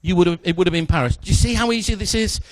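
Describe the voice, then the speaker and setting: On stage in front of a live audience, a man performs a magic routine while joking with a volunteer he's brought up. His voice sits high and comes out rapid-fire, with no room sound.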